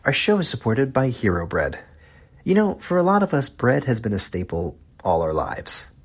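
A man's voice: medium pitch, huge pitch swings, normal speed, husky. A man hosting a food radio show, asking questions in a conversational way and reading the sponsor ad. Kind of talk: radio interview and ad read.

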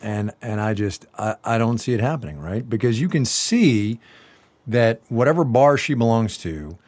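A man's voice: mid-range voice, lively intonation, normal speed, darkish tone, no room sound. A man co-hosting a casual news chat show, wry and sarcastic, often repeating himself for effect. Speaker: co-host.

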